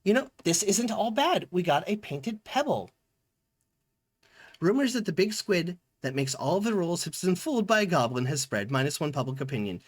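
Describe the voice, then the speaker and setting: A male streamer playing a text game live and reading its events aloud. His voice sits high and swings widely in pitch, playful and quick to react to each event. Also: very animated.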